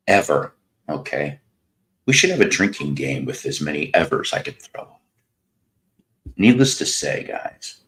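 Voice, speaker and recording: A man in his fifties with a Mid-South American accent and an extremely low, deep voice. He talks slowly and rambles through casual livestream chat with sardonic asides. He greets viewers by name as he goes. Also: fairly bright tone. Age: 50s. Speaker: livestream host.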